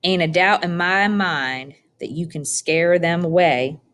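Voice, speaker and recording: A woman voicing a gruff, bossy old farm woman who barks orders in a drawl in a storybook reading. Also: lowish voice, measured pace, a bit bright. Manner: scolding, drawling commands.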